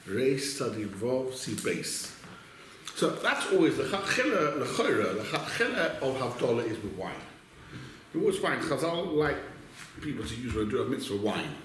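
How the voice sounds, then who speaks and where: A man giving a casual Torah class to a small group, telling a story and then going through Jewish law, talking in a halting way with many restarts and Hebrew terms. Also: medium pitch, sing-song, fairly bright tone, heavy reverb, slight background noise.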